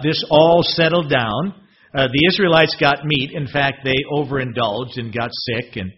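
A man preaching a sermon in a husky voice, expressive and fond of rhetorical questions. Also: mid-range voice. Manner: expressive, rhetorical questions, swings from loud to hushed. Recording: dull lo-fi recording.

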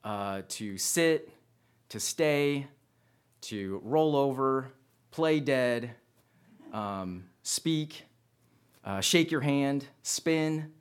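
A man's voice: medium pitch, lively intonation, drawn-out words, long pauses, smooth. A man delivering a sermon, telling a personal story in a conversational way and often repeating his phrases. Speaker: preacher.

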